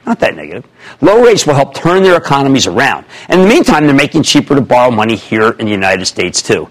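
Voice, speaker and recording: A man in his sixties hosting a stock market call-in show on TV, talking emphatically with jokes and rapid asides. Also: medium pitch. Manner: emphatic, excitable, jokey, riffing. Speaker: host. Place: TV studio.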